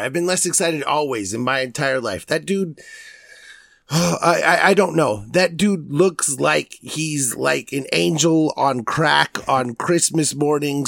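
Gravelly man ranting profanely. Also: fairly high pitch, no room sound, clean studio sound. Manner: loud, mocking, profane ranting. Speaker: podcast host. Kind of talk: profane comedic sports rant.

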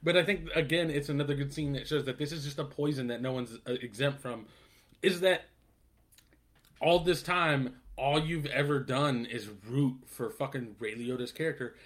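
A man's voice: mid-range voice, normal speed, fairly bright tone. A man co-hosting a podcast, talking casually about films with frequent laughs, swearing and fillers. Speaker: podcast co-host. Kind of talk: casual film chat.

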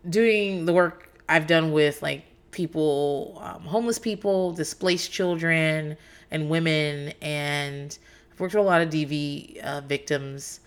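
Speaking slowly in a low-pitched, clear, resonant voice, a woman podcast host in her thirties or forties goes over reality TV. Her recap is candid and profane, wandering along with plenty of fillers.

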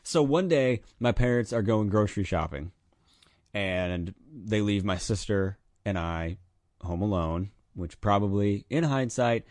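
A man with a low-pitched voice tells a childhood story in casual podcast chat. He is animated and leaps into loud, high bursts when he acts out his younger self. The recording is dry and close to the mic. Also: measured pace, no room sound.

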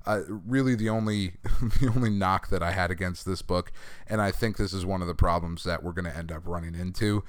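Deep, hoarse man reviewing comics. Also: a little fast, no echo. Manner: candid, profane, animated rants with laughter. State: hoarse from recent illness. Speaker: comic book podcast host. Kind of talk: casual comic review talk.

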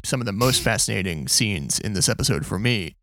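A man's voice: fairly low pitch, animated, fairly quick, pushed and bright, no room sound. A man co-hosting a casual podcast chat, speaking reflectively with many hesitations. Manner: hesitant, full of ums and uhs, reflective. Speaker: podcast co-host.

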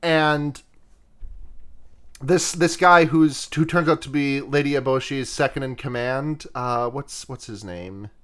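A man's voice: mid-range voice, slow, a bit bright. A man hosting a podcast, casually retelling a film's plot, profane and giggly, rambling with restarts. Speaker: podcast host.

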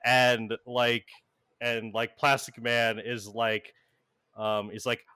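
A man's voice: medium pitch, flat delivery, slow pace, pushed and bright, smooth, no echo. A man narrating a tabletop role-play game as game master, rambling and full of filler words.

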